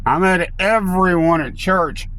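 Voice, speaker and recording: A man's voice: sits high, unhurried, pushed and bright. A man telling a rambling personal story in a casual vlog, full of fillers and restarts, recorded in a car. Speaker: vlogger.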